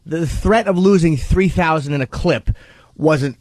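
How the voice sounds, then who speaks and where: A man's voice: a little high, a little slow, darkish tone, no room sound. A man hosting a talk radio show, arguing back in a hesitant way on a studio mic. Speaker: radio host.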